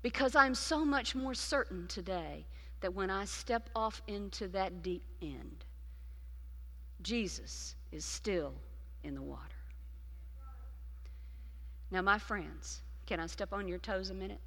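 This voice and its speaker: A woman preacher delivering a sermon, swinging between loud emphasis and hushed, intimate passages. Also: medium pitch, lively intonation, takes it slowly, pauses often. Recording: long reverb of a large hall.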